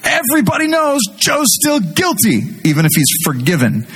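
Animated husky-voiced male pastor preaching. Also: very high voice, moderate pace, faint music behind. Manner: animated, jokey, talks to the congregation directly. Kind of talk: sermon.

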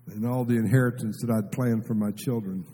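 A middle-aged male preacher delivering an emotional sermon, tearful and impassioned, his voice swelling up and dropping down to a hush. The tone is dark and mellow with a husky edge. It rings out with the long reverb of a large church hall. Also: lowish voice, fairly even intonation, brisk. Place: church sanctuary.

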